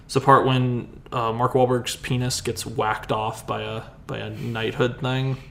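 A man's voice: medium pitch, flat delivery, measured pace, creaky, a little hiss or hum. A man in a casual movie review chat, rambling and profane, often restarting his sentences.

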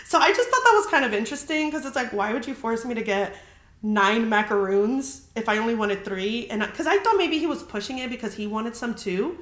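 Recorded with a roomy echo, a young adult woman hosts a podcast and tells a story in casual chat. She's chatty, says "like" constantly, and swears freely, in a slightly high, animated voice that's brisk and fairly bright.

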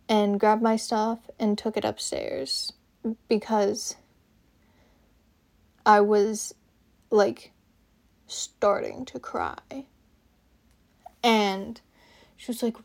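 A young woman hosting her own podcast, rambling casually and haltingly, with lots of "like" fillers. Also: mid-range voice, lively intonation, gravelly. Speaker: podcast host.

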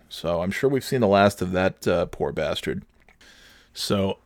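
A man's voice: sits low, a little mellow, no room sound, clean studio sound. A man hosting a podcast, rambling through a profane, sarcastic comedic rant. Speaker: podcast host.

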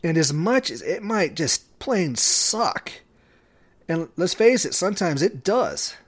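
Slow, measured man giving a devotional talk. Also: sits high, sing-song. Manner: slow, measured delivery with long pauses. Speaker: podcast host.

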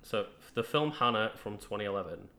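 Male co-host, easygoing, bright and sharp tone. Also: lowish voice, lively intonation, fairly quick. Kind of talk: casual chat.

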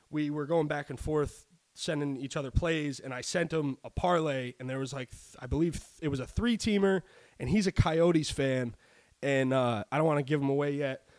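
A young man co-hosting a podcast, chatting casually about sports betting, swearing often and rambling with excitement. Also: fairly high pitch. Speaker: podcast co-host.

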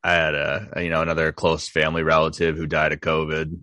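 A man's voice: extremely low pitch, monotone, fairly quick, pushed and bright, no echo. A man co-hosting a podcast, telling a story in a casual chat full of filler words. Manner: storytelling with many filler likes. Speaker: podcast co-host.

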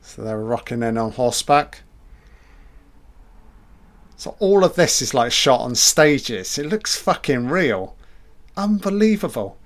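A man's voice: medium pitch, slow pace. A man giving casual film commentary in short, admiring remarks, swearing often.

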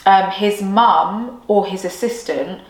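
A woman co-hosting a casual podcast, rattling off a story with eager excitement and constant fillers. Her voice sits at a middle pitch and rings in a roomy, echoey space. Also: slow. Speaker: podcast co-host. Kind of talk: casual chat. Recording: roomy echo.

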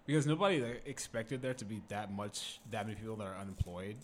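A young man co-hosting a podcast, chatting casually in a quick, animated way, with lots of "like" fillers. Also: fairly low pitch, slight background noise. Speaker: podcast co-host. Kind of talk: casual chat.

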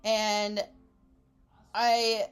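A woman's voice: mid-range voice, extremely slow, clear, resonant tone, faint music behind. A woman in her twenties telling a wild story in casual chat, laughing often and acting out what people said. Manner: animated, laughing, acts out quotes. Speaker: podcast co-host.

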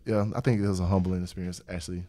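A young man hosting a casual podcast conversation. His voice sits on the low side, and he drifts through stories with plenty of laughter. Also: flat delivery, very fast, mellow. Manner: rambling storyteller, laughs often. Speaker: podcast host. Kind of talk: casual chat.

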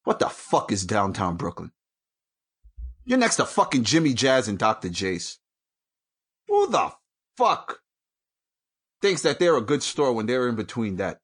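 A man hosting his own show from home, ranting angrily and with heavy profanity, jumping between loud outbursts and low mutters. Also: sing-song, normal speed, slightly rough. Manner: angry, profane, swings from shouting to mutters. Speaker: podcast host. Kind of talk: profane solo rant.

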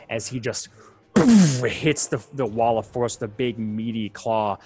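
A man narrating a tabletop game as game master, slow and drawn out, with playful laughs. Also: medium pitch, mellow, faint music behind.

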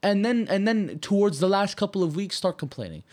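A man's voice: high-pitched, sing-song, fairly quick, a little mellow. A young man from Malta, co-hosting a podcast in casual chat, heated and ranting and swearing often. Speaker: podcast co-host.

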